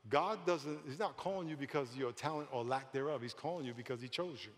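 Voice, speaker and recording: A man's voice: medium pitch, quick pace, hardly any pauses. Preaching man in a reverberant church hall. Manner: lively preaching with frequent laughs and repetitions. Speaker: pastor. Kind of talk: sermon. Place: large church sanctuary.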